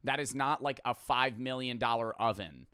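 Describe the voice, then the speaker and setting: A young man in his twenties hosting a casual reaction commentary, blunt and profane with sudden loud mocking outbursts. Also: mid-range voice, normal speed, clear, resonant tone. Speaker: host reacting to a video.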